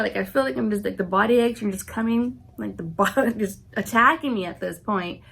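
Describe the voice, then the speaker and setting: A woman's voice: mid-range voice, brisk, gravelly, hardly any pauses, fairly bright tone, husky. Chatty vlogger woman, sick and congested. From California, USA. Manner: chatty, retells scenes with "I'm like" and quoted reactions. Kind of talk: casual storytelling to camera.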